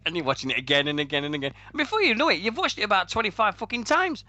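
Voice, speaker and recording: Bloke hosting a radio chat, bright forceful voice, dry close sound, swears a lot telling stories. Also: male voice, a little high, fast talker, few pauses, no room sound. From Sheffield, England. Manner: animated storytelling with heavy swearing and laughter. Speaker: radio show host. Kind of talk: casual chat.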